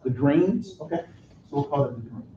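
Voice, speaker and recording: A man's voice: a little high, expressive, a little fast, background noise. Joking male trainer in a roomy space. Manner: conversational, joking, asks the audience questions. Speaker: cultural competence trainer. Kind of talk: interactive workshop talk. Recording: roomy, dull lo-fi room recording.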